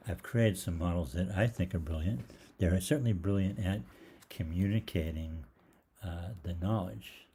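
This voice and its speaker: A man's voice: low-pitched, warm tone, a little hiss or hum. An older man, a holistic gastroenterologist, telling a rambling story in a live Q&A, with many fillers. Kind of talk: live Q&A monologue.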